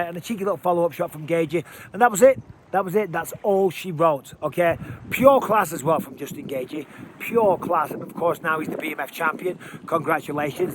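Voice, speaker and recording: A man giving casual, energetic fight commentary while walking outdoors, out of breath. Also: a little high, noisy background. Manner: energetic, chatty, emphatic. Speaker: MMA commentator. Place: outdoors by water at high elevation.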